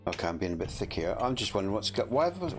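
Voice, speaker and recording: A man's voice: fairly low pitch, very animated, racing, over music. A man giving casual gameplay commentary, chatty, laughing often and self-deprecating. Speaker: gameplay streamer.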